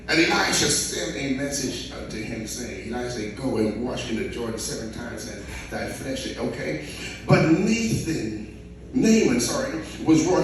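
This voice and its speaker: A man preaches an animated sermon, speaking directly to his congregation. His voice sits a bit high for a man. He is heard from some distance in a very echoey church, with music playing behind him. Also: a little hiss or hum. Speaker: pastor. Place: church sanctuary.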